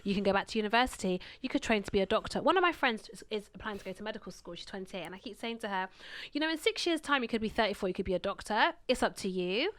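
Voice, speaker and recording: Animated storytelling woman in her thirties. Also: medium pitch, very fast, hardly any pauses. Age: 30s. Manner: animated storyteller, acts out quoted voices. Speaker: podcast co-host. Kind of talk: casual chat.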